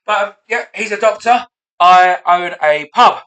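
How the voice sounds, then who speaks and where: A man in his thirties rehearses stand-up alone at home, swearing freely and mocking himself between jokes. His voice sits high and sounds bright and edgy. The camera picks him up from across a room that rings a little. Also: a little slow. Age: 30s. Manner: self-mocking, sweary, muttering asides between punchlines. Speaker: stand-up comedian. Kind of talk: rehearsing a stand-up set aloud. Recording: roomy and distant.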